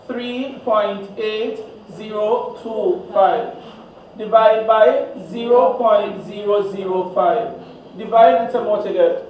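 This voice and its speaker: Male math teacher, high and unhurried, call-and-response style, taped at a distance in a very echoey classroom, muffled. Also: a crowd in the background. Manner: call-and-response questioning, fill-in-the-blank "what?" prompts. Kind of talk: classroom exam walkthrough. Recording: echoey room, distant, dull.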